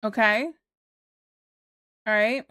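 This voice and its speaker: A woman streamer rambling casually to her chat, full of fillers and giggles. Her voice is fairly high, and the sound is close and dry with no room around it. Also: steady tone, very slow, bright, forceful tone, clean tone, no echo. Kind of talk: casual chat reading viewer comments.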